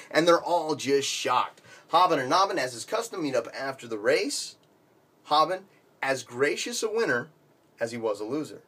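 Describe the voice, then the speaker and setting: A man with a husky, slightly higher voice spins a long shaggy-dog joke, narrating with animated energy as the tale builds. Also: moderate pace. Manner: animated storytelling. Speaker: joke teller.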